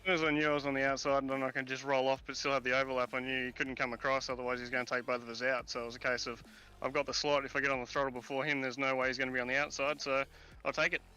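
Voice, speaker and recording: A man's voice: mid-range voice, clean tone, highs cut off. A man from Australia, a racing driver, talking casually and joking as he is interviewed after a race. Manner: rapid, relaxed, joking.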